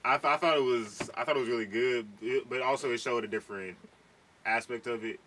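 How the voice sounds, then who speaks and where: A young man co-hosts a casual podcast chat, talking at length and restarting his sentences as he makes his case. His voice is bright and forward. He sits a little away from the mic. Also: medium pitch, brisk, distant mic, rough recording. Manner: talks at length, restarts sentences, argues a point. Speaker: podcast co-host.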